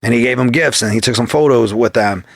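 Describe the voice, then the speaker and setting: Gravelly, foul-mouthed man telling stories. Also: medium pitch, quick pace, dry recording, studio quality. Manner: swears constantly, acts out quoted exchanges. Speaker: podcast guest. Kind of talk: profane casual storytelling.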